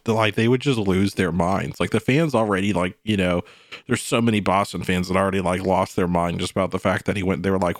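A man co-hosting a sports podcast, talking in a rambling, animated way full of "you know" and "like". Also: low voice, a little fast, dry recording, studio quality. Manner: animated, slips into mock quotes. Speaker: podcast co-host. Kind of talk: casual sports chat.

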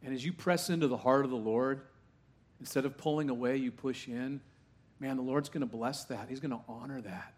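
A male pastor in the pulpit, talking to his congregation rather than at them. He fires off question after question, drops to a hush, then climbs to loud, excited peaks, with his voice sitting in an ordinary middle pitch for a man. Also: a little fast. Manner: conversational preaching full of questions to the congregation; swings from hushed asides to loud, rising exclamations. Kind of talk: sermon. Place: church sanctuary with a live congregation.

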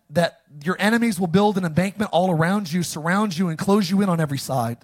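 A man preaching a sermon as pastor, reading scripture and calling the congregation to repeat after him, with sudden loud, animated bursts. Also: on the high side. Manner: call-and-response, animated with sudden loud lines.

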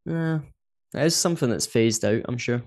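A man's voice: mid-range voice, animated, normal speed, darkish tone. A Scottish man co-hosting a podcast in casual chat, talkative and laughing often. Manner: chatty, laughs often, says "do you know what I mean". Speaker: podcast co-host.

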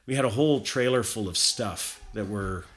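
Man, Canadian-raised, low voice, bright forceful tone, rambling casual storyteller, guest. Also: moderate pace. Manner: rambling anecdotes with many fillers and restarts.

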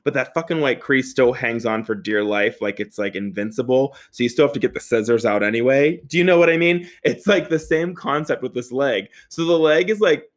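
Animated, profane male storyteller. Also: medium pitch, a little fast, hardly any pauses. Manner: animated, profane, laughing often, acts out quotes. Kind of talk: comedic personal anecdote.

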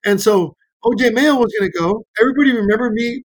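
Animated high-voiced man telling stories. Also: fast talker, low-quality recording. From Mexico. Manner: animated storyteller, acts out quotes. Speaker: guest, basketball coach. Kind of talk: casual storytelling interview.

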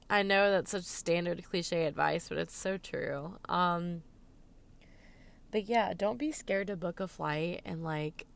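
Young woman vlogging, chatty and emotional, low voice with lots of fry. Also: a bit bright. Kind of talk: casual chat to viewers. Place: Los Angeles.

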